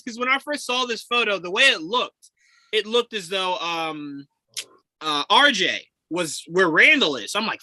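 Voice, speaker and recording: A man co-hosting a casual sports podcast over a video call, animated and swearing, laughing as he acts out quotes. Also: high voice, a little slow, no echo. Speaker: podcast co-host.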